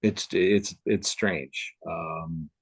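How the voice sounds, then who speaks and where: A man's voice: low voice, steady tone, extremely slow, husky, no room sound. A man from the Upper Midwest chatting as a guest on a video call, rambling with lots of fillers and restarts. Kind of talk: casual conversation on a video call.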